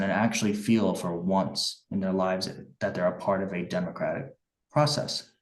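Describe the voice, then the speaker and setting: A man's voice: sits low, steady tone, normal speed, reverberant, far from the mic, poor audio. A man running for office, answering interview questions earnestly and passionately, with frequent restarts and fillers. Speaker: write-in congressional candidate.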